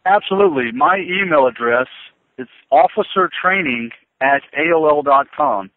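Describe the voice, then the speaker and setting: A man's voice: medium pitch, expressive, normal speed, no echo. A man, a police chief, talking earnestly and with strong feeling as a guest in a radio interview. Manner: earnest, emotional, impassioned. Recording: tinny phone line, dry.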